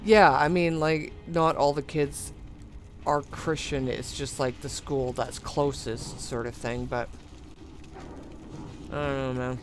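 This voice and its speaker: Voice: medium pitch, steady tone, takes it slowly, background noise. An adult gaming streamer telling stories in casual, rambling chat, often chuckling and sighing and swearing a little. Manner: meandering, chuckling, sighing, mildly profane. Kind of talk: casual rambling storytelling while playing.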